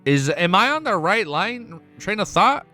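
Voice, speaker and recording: A man reading a webnovel aloud and reacting casually, swearing often and breaking into excited outbursts. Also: high voice, a little slow, faint music behind. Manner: swears a lot, excitable outbursts between read passages.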